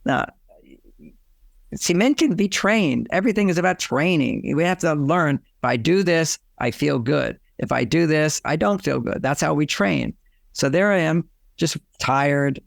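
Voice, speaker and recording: Older man with a gravelly voice. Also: on the high side, unhurried, no echo, studio quality. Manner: animated storyteller, acts out both sides of his anecdotes. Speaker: relationship author and guest. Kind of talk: storytelling interview talk.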